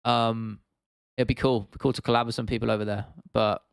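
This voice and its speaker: A young British man in his twenties chats through a livestream, reacting to viewer comments. His voice is smooth and resonant at a middling pitch, and the sound is close and dry. He talks loosely, swears easily and calls people "bro". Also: level tone, brisk, no echo. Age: 20s. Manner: laid-back, chatty, swears casually, says "bro". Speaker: livestream host. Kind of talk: casual livestream chat reading viewer comments.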